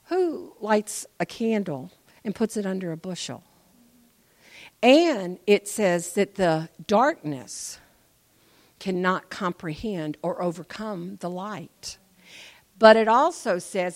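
A woman shares an informal testimony at church, chatty and animated, shifting between quiet asides and loud, emphatic preaching. Her voice is medium-pitched and she speaks slowly.

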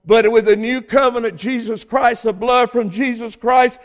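High-voiced Southern preacher man. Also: steady tone. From Southern United States. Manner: fervent, folksy preaching with emphatic drawn-out peaks. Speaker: pastor. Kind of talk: sermon.

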